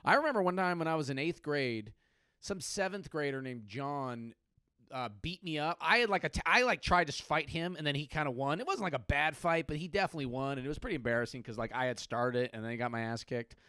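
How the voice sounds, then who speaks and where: A man's voice: fairly high pitch, fast, bright, forceful tone, smooth, no room sound, clean studio sound. A man in his late thirties, a comedian and podcast host, telling crude, rambling stories with sudden outbursts. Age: late 30s.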